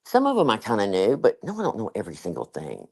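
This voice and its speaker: A man's voice: on the low side, huge pitch swings, quick pace, gravelly, breathy edge. A man, rambling in casual chat as a guest, with lots of fillers and laughter.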